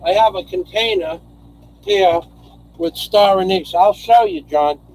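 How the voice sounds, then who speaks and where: A man hosting a casual live stream from home, rambling as he reads out viewer names and thanks donors, his voice hoarse from singing. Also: sits high, a little slow, darkish tone, low-quality recording. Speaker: livestream host.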